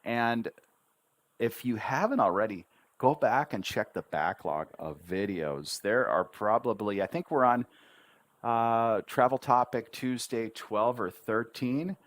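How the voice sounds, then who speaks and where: A man's voice: medium pitch, unhurried. A man teaching English pronunciation on a livestream, repeating words syllable by syllable with encouraging asides. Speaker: English tutor.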